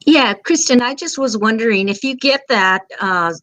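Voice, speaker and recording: A woman's voice: on the high side, moderate pace, a bit bright, dry recording. A woman in a training session hesitantly asking the presenter a question.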